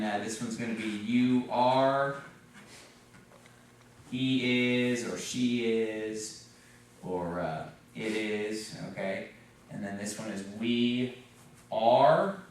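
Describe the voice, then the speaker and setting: A man teaches a class, patient and steady, pausing often to ask the students "okay?" and "right?". His voice sits at an ordinary middle pitch and comes from across the room. The classroom is very echoey, with a faint hum of room noise behind him. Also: distant mic. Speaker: Spanish teacher. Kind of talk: classroom lesson at a whiteboard.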